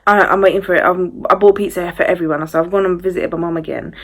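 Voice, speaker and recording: A young woman in her twenties shares a ghost story from her own life with her viewers. She talks casually and animatedly, scattering "like" through every sentence. Her voice sits a little low. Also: fast. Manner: chatty, fillers of "like", animated retelling. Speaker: vlogger.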